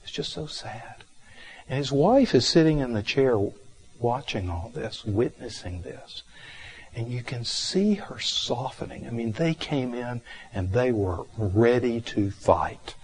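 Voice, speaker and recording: A man giving a reflective meditation talk, telling a counseling story gently and unhurriedly, with frequent pauses and fillers. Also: mid-range voice, expressive.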